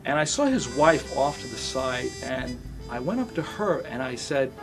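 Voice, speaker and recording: A middle-aged male actor telling a personal story in a reflective, sometimes soft and quiet way. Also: mid-range voice, big pitch swings, moderate pace, music in the background.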